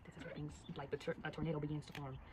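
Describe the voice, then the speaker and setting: A teenage girl chatting casually and rapidly, telling a story while drawing and acting out the voices of the people in it. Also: low-pitched, level tone, a little mellow, a little hiss or hum, rough recording. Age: teens. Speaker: storyteller vlogger.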